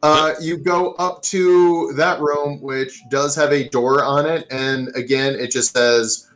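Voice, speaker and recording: Brief: laid-back game master, mid-pitched, loose and chatty narration. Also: slow, soft background music, rough recording. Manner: relaxed, filler-heavy narration.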